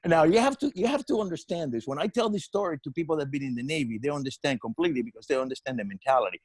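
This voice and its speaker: An older man spins a comic tale with lots of swearing and repeated false starts, his voice sitting somewhat high for a man. The sound is dry and close, with no room echo. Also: racing, husky. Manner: animated, profane, frequent restarts. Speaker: comedian. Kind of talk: comic storytelling.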